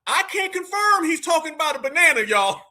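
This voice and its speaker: A man hosting a live show, reacting to clips with loud exclamations and mocking asides to his viewers. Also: extremely high pitch, very animated, fairly quick. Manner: exclaiming, mocking, laughing, addresses viewers as fam. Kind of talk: animated live reaction commentary.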